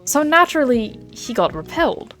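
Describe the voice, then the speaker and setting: A woman voices a mischievous woman with glowing blood who spills secrets with glee. Her pitch leaps all over as she tells the story, and faint music plays behind her. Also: moderate pace. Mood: amused. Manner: animated, gossipy, playful storyteller. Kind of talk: in-character roleplay storytelling.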